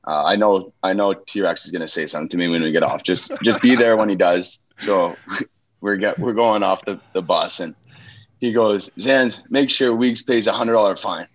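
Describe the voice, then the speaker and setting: Low-voiced man from canada, podcast guest, easygoing, self-mocking, casual. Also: moderate pace, a little hiss or hum. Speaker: guest, pro hockey player. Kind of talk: casual interview chat.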